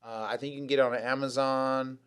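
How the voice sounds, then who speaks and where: A man co-hosting a podcast, talking casually and easily, chiming in with quick agreement. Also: medium pitch, flat delivery, a bit bright. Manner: easygoing, quick agreeing replies. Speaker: podcast co-host. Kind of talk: casual chat.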